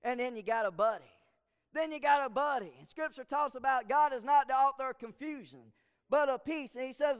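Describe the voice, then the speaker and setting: A man's voice: extremely high pitch, fairly even intonation, a little fast. A man pastor preaching a sermon, hammering his points by repeating phrases. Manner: emphatic, repeats lines for stress. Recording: long hall reverb.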